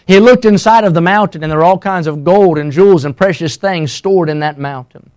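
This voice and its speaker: A middle-aged man preaching a sermon as a pastor, impassioned and swinging between loud and hushed. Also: sits high, a little fast.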